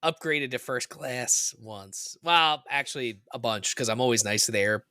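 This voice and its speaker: Bright-voiced man rambling in casual chat. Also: mid-range voice, moderate pace, no echo, clean studio sound. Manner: rambling storyteller, animated when quoting people. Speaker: podcast co-host.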